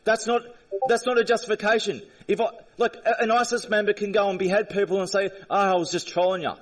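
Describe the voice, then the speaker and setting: A man's voice: high voice, recorded from a distance, rough recording. A man in an angry, confrontational rant at a chat viewer during a live stream, repeating himself and swearing.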